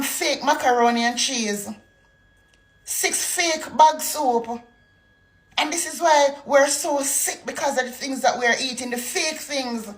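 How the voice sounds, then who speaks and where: A woman's voice: fairly high pitch, a bit bright. A woman from Jamaica with a Jamaican accent, delivering a fiery political rant full of rhetorical questions. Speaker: political commentator.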